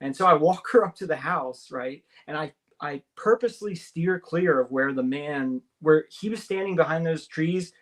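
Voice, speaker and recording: On a talk radio show, a guest with a fairly high male voice excitedly recounts his abduction experience, packing his speech with fillers and tag questions. He talks at normal speed with few pauses, his pitch jumping higher whenever he acts out someone's words. The audio comes through a call-in or studio mic.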